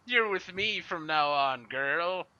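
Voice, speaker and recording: A man voicing an excitable pirate first mate in a high, squeaky drawl, in a muffled lo-fi recording. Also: slow, no room sound, heavily acted. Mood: gloating.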